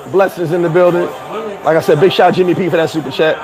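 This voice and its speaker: A man hosting a casual livestream, laughing often, talking in slang and giving shout-outs to viewers. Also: on the high side, fairly even intonation, quick pace, over music, rough recording. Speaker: livestream host. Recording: crowd chatter behind.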